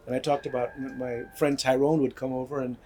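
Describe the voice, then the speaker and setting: A fast-talking older man with a mid-range, dark voice and flat delivery shares earnest stories about healing and community as a guest. He repeats words and often asks "right?", in a conversational storytelling style, with slight background noise behind him.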